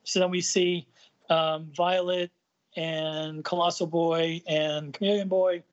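A man's voice: fairly high pitch, flat delivery, slow pace. A man on a podcast recapping a comic book, reading the characters' lines aloud with lots of ums and uhs. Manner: hesitant, many ums and uhs, reads quotes lightly acted. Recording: dull lo-fi audio.

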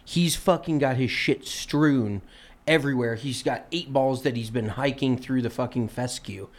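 A man co-hosting a podcast, telling a story in a casual, animated and profane way, sounding exasperated. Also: medium pitch, moderate pace. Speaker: podcast co-host.

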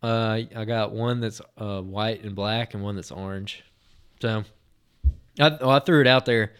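A man's voice: lowish voice, unhurried, clear, resonant tone. A man hosting a podcast, telling a long anecdote in a casual, rambling way, full of fillers and restarts. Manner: rambling, filler-heavy retelling with many restarts; lively, excited anecdote telling. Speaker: podcast host.

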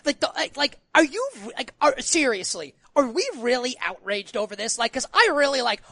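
A man's voice: extremely high pitch, expressive, moderate pace, bright, forceful tone, no room sound. A man co-hosting a casual podcast, ranting animatedly and filling his talk with "like" and "who cares". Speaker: podcast co-host. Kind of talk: casual wrestling podcast chat.

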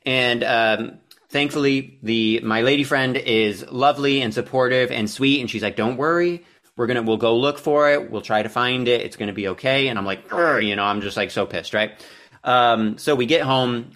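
On a casual podcast he co-hosts, a young man tells a long, easygoing, unpolished story, swearing freely and sounding fed up with himself. His pitch sits right in the middle of the male range, with a slightly bright quality.

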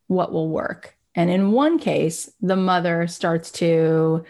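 A woman's voice: lowish voice, fairly even intonation, slow, warm tone. A woman giving a candid, reflective motivational talk. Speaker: speaker.

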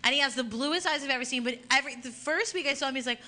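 A woman's voice: sits high, racing, few pauses. A woman, hosting a casual chat and telling stories with acted-out voices. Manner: animated storytelling, acts out voices. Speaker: host.

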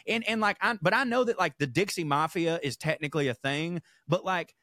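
A man, co-hosting a podcast with animated, profane chat. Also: fairly high pitch, fairly quick, no echo, studio quality. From American South. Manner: animated, profane, laughing asides. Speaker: podcast co-host. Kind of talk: casual chat.

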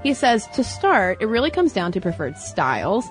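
A woman's voice: medium pitch, wildly swooping pitch, moderate pace. A playful, talkative young woman co-hosts a podcast in an easy, casual chat. She laughs often as she talks. Faint music sits under her voice. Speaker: podcast co-host.

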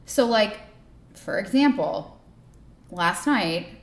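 A woman in her thirties casually telling stories, often trailing off softly. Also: medium pitch, expressive, slow pace, roomy sound. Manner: chatty storytelling, trails off softly. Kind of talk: casual chat.

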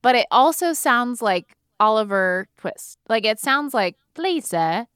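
A chatty woman co-hosting a podcast, with a bright, forceful voice. The recording is close and dry. She asks rambling questions and second-guesses herself. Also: on the high side, animated, measured pace, smooth, no echo. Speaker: podcast co-host. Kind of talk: casual chat.

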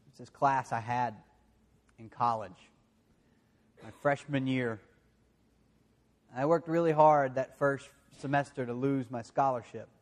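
A man from the American South with a Southern accent, preaching a sermon with self-deprecating stories that drop into quiet, confessional moments. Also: medium pitch, steady tone, measured pace, long pauses. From Southern United States. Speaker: pastor.

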